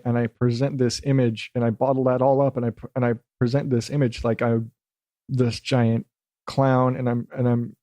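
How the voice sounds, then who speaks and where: A man's voice: medium pitch, mellow, no room sound, clean studio sound. A man hosting a rambling solo podcast, talking about himself in a self-deprecating way and drifting into put-on accents. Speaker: podcast host.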